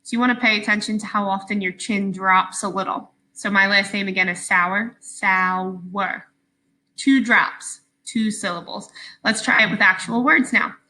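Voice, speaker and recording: A woman teacher giving a recorded phonics lesson to young children, patient and clearly enunciated. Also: mid-range voice, moderate pace, bright, forceful tone, low-quality recording.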